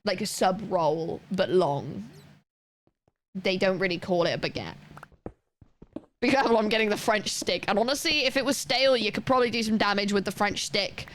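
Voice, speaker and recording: A woman streaming a game and talking as she plays. She rambles in a chatty way, full of fillers and restarts. Her voice sits at a mid pitch with a faint hum of ambience behind it. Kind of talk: casual chat while gaming.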